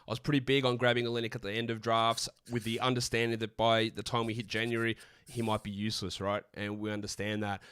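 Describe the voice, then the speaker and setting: An Australian man co-hosting a live stream, answering viewer questions in a blunt, opinionated, rapid-fire way. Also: on the low side, little pitch movement, a bit bright, smooth, dry recording, studio quality. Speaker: podcast co-host.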